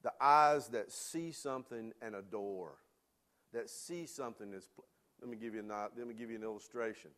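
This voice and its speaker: A man preaching a sermon as pastor, questioning the congregation, animated, rising to emphatic peaks and dropping to soft asides. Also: medium pitch, moderate pace.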